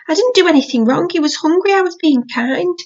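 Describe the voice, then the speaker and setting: A woman's voice: sits high, very animated, moderate pace, voice pushed up. A woman doing a whiny little boy. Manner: pleading, whining. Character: small whiny boy, impish and tearful. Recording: dull lo-fi audiobook recording.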